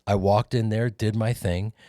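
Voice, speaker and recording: A man in his fifties, a guest actor and comedian, telling animated showbiz stories in a radio studio on a studio mic. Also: on the low side, moderate pace, dry recording. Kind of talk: animated storytelling. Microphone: studio microphone.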